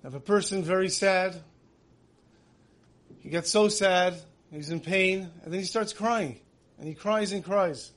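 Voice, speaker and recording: Male preacher, higher register, casual delivery with rhetorical questions. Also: a little slow, long pauses, a bit bright. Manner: mixes in many Hebrew terms. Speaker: religious speaker. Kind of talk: sermon.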